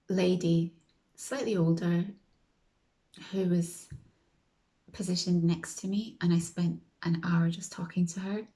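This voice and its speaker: The low-quality recording captures a woman vlogger with a lowish voice and darkish tone telling a story. She's chatty and casual, acting out quoted voices and occasionally slipping into a whisper.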